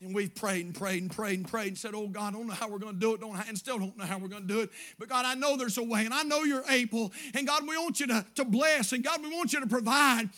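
Man, pastor's sermon, high voice, bright tone, quiet stories then loud praise. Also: fast talker, few pauses. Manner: swings from quiet storytelling to shouted praise.

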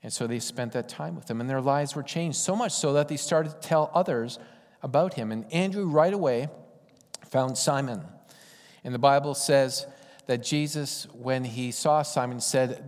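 A man's voice: mid-range voice, normal speed, darkish tone. A man preaching a sermon in a conversational, folksy storytelling way. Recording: long hall reverb.

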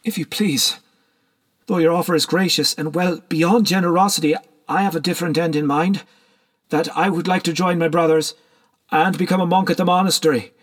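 A man's voice: on the high side, steady tone, moderate pace, a bit bright, voice pushed up. A man doing a polite young novice with a raised voice. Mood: earnest. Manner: courteous, formal.

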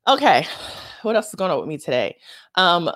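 A woman hosting a show, talking casually and comedically with animated, excitable jumps in her voice. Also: fairly low pitch, fairly quick. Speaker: host.

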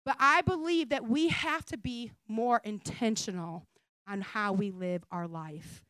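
Woman pastor, sermon; smooth, higher pitch, conversational with emphatic peaks. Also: measured pace, dry recording. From United States. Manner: conversational preaching, rising emphatic pitch with soft asides.

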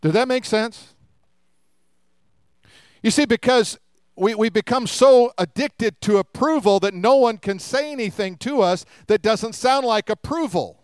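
A man's voice: very high-pitched, unhurried, smooth, no room sound. An older man preaching a sermon in a conversational way, with humorous asides and rhetorical questions to the congregation. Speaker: pastor.

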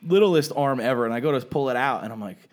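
A man's voice: medium pitch, animated, fast. A man telling a rambling, profane story in casual podcast chat.

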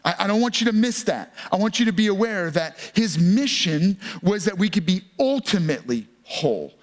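Very animated and high-pitched, this man preaches as a pastor with earnest emphasis. He eases his pace to drive home the important phrases of his sermon.

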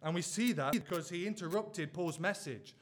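A man's voice: sits high, moderate pace. A man preaching a sermon, pressing his listeners with earnest, repeated rhetorical questions.

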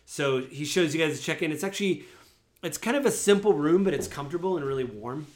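A man's voice: on the high side, lively intonation, fast. A man narrating a tabletop game as game master, rambling with many fillers.

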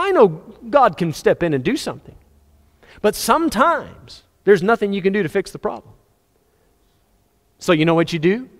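A man preaching a sermon with passion, rising to loud appeals and dropping to hushed, low passages. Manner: impassioned, swinging between loud high-pitched appeals and hushed low passages. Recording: long reverb of a large hall.

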